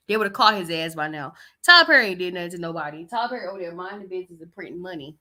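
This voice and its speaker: A woman's voice: on the low side, expressive, very fast, few pauses, pushed and bright. A young woman hosting a podcast, reading celebrity news and riffing on it in a sassy, chatty way. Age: young adult. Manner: chatty, sassy, reads news aloud and riffs on it. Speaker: podcast host. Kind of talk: casual gossip commentary.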